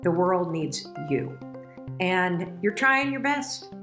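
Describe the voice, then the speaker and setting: A middle-aged woman with a fairly low voice delivers a motivational talk. She is emphatic and emotional and speaks directly to her listeners, with faint music underneath. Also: big pitch swings, takes it slowly, fairly bright tone.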